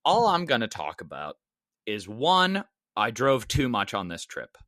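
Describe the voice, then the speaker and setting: A man co-hosting a podcast, telling stories in casual chat with excitable interruptions. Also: mid-range voice, unhurried, no echo, studio quality. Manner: storytelling, expressive, excitable interruptions. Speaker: podcast co-host.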